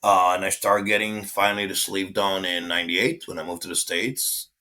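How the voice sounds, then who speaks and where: Guy in his forties, low punchy voice, lively storyteller who swears and acts out quotes. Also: normal speed. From Israel. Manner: animated, swearing, acting out quotes. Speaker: guest, tattoo artist. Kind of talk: casual storytelling.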